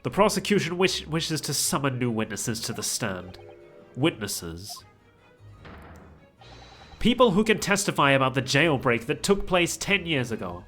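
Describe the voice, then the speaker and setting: A man voicing a stern, aristocratic male prosecutor in a low, clipped, voice. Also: big pitch swings, unhurried, a bit bright, soft background music. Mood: cold.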